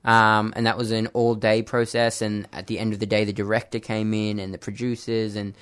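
A man's voice: lowish voice, flat delivery, brisk, a bit bright, smooth. A young man, a dancer and actor, chatting casually in an interview, with many fillers and friendly laughs.

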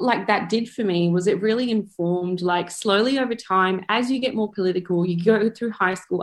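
A woman in her thirties from Perth with an Australian accent. She tells her own story in a chatty, reflective way and often says "like". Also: medium pitch. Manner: chatty, with many filler "like"s. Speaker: photographer and activist.

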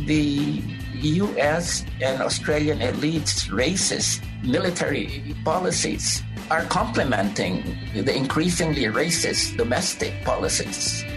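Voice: medium pitch, rough recording. Emphatic commentator over music. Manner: earnest, emphatic. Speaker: political commentator. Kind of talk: radio commentary.

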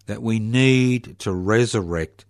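A man's voice: lowish voice, dry recording. Sardonic man, dry close sound. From Australia. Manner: sardonic, rhetorical questions, slow emphatic stresses. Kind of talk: political monologue.

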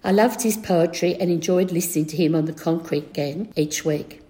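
A woman's voice: on the low side, moderate pace, mellow. An older woman reading a reflective memorial tribute for a school friend.

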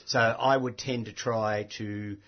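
A man's voice: fairly low pitch, steady tone, takes it slowly, highs cut off. A man, a horticulturist co-host, explaining plant names in casual chat and laughing easily.

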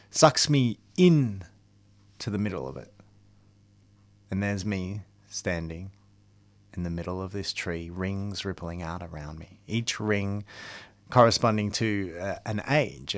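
A man, performing a theatrical stage story that swings from loud to hushed. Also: low-pitched, takes it slowly, no echo. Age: 30s. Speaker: comedic performer.

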